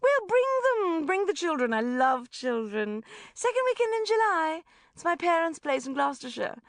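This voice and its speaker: An effusive, pushy socialite, voiced by a woman reading the book gushes in a soaring, breathless tone. Her pitch leaps high and swoops about. The sound is dry and close. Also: sing-song, normal speed, fairly bright tone, no room sound, exaggerated voice. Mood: gushing. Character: gushing posh social-climbing woman.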